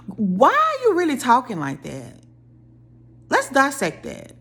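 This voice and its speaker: A young woman casually ranting about a reality show, opinionated and animated, her voice jumping up when she quotes people. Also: fairly high pitch, measured pace, gravelly, slightly rough. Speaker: reality TV commentator.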